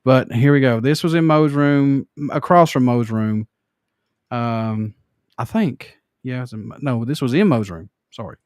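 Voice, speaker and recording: A man's voice: medium pitch, moderate pace, a little mellow, smooth, no echo, studio quality. A man hosting a podcast in casual chat, rambling and correcting himself as he goes. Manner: rambling, self-correcting, laid-back. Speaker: podcast host.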